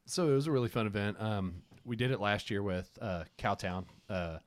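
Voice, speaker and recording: Man, low voice, casual halting storytelling, podcast co-host. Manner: halting, filler-heavy storytelling. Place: brewery studio.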